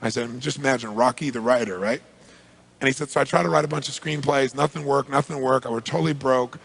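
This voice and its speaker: A man giving a motivational talk, telling a long anecdote from memory in a lively, quick way. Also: medium pitch, creaky, slightly rough. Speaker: motivational speaker. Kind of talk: storytelling talk to an audience.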